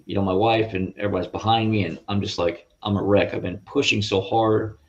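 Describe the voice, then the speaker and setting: Guest man, low-pitched, earnest and halting, on a dull lo-fi video call line. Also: steady tone. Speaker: interview guest. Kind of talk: personal faith testimony. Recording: muffled lo-fi audio.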